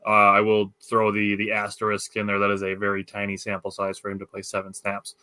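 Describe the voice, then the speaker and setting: Hosting a laid-back sports podcast, this Wisconsin-accented man is enthusiastic and filler-heavy, yet his delivery is completely flat. He speaks fairly quickly in a low, bright, forceful voice, with no echo on the recording.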